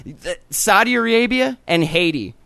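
A man's voice: high voice, lively intonation, unhurried, sharp tone, no echo. Podcast co-host, male, swears constantly, jokey rants, dry close mic. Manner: profane, joking rant. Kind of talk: casual podcast chat.

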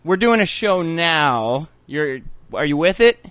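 Brash, joking podcast host, dry sound. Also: male voice, fairly high pitch, big pitch swings, slow, no room sound. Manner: loud, joking and profane. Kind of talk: casual comedic chat.

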